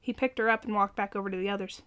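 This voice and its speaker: A woman reading her own fantasy novel aloud as scripted narration, even and unhurried. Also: medium pitch, clean tone.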